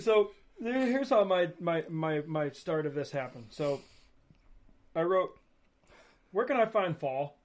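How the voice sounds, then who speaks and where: A man's voice: fairly high pitch, expressive, unhurried, pauses often. A man co-hosting a movie podcast, teasing his friends and retelling a text exchange in casual chat. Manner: storytelling, teasing. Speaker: podcast co-host.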